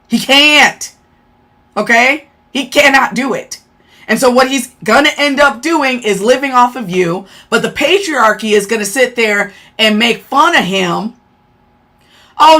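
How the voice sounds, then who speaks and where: A woman's voice: high voice, sharp tone. A woman hosting a live stream, talking bluntly and profanely in a casual rant, answering her chat.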